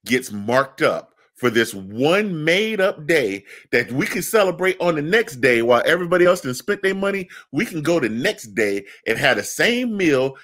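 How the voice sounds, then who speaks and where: A man's voice: on the high side, moderate pace, hardly any pauses. A man co-hosting a casual podcast, joking with his partner and reading from an article. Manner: animated, joking, reads article aloud. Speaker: podcast co-host.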